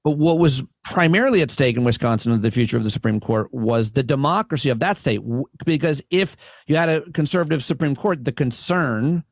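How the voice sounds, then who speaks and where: A comedian and podcast host appears as a guest on a relaxed podcast, making long, sincere arguments in rapid bursts. His voice sits in the mid range, and the clean studio recording has no echo.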